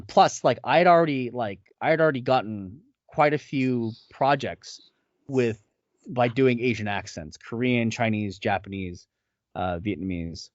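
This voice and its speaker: A man's voice: on the low side, darkish tone, no echo. Easygoing man with a dull lo-fi sound. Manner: rambling, many fillers and restarts. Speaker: voice actor guest. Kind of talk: casual interview chat. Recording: dull lo-fi audio.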